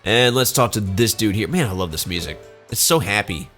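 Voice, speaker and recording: A man's voice: lowish voice, animated, a little fast, fairly bright tone, breathy edge, soft background music. A man casually commenting on a video game as he plays, sarcastic and joking. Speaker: let's play host.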